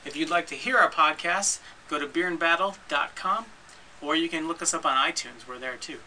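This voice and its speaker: Bright-voiced man casually showing gear. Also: fairly high pitch, fairly quick, a little hiss or hum, low-quality recording. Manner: relaxed, rambling, with frequent restarts. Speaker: podcast host and editor.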